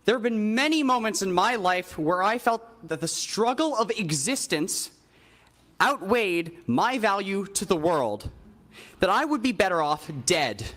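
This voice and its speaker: A man's voice: sits high, lively intonation, unhurried, a bit bright. A man reading an earnest, pleading prepared statement as a public commenter.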